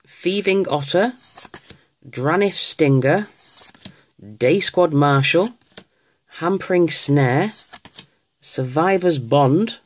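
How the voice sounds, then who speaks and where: A man casually opening card packs on camera, reading out card names with excited exclamations. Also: fairly high pitch. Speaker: card pack opener. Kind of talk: casual unboxing commentary.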